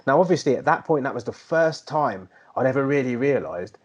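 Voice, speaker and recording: A UK man co-hosts a casual chat podcast, speaking earnestly and reflectively with lots of fillers. His mid-range voice is expressive and brisk, and there's a slight hiss or hum in the audio.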